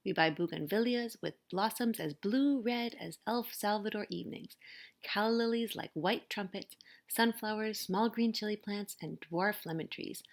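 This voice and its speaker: A woman's voice: medium pitch, creaky. A woman teacher reading a picture book aloud, narrating expressively. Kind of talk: storybook read-aloud.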